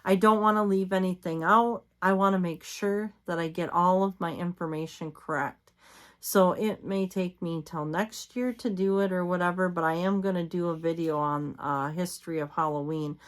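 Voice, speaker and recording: Woman vlogger, tired and late-night, slightly low voice, rambling chat with fillers, reads articles aloud. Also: steady tone, moderate pace. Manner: rambling, repeats herself, many fillers. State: tired, yawning. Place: home at night.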